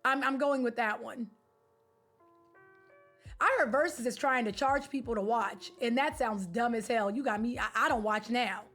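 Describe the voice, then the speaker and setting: A woman streamer chatting casually with her live viewers, animated, slangy and opinionated. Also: on the high side, normal speed, faint music behind. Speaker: game streamer.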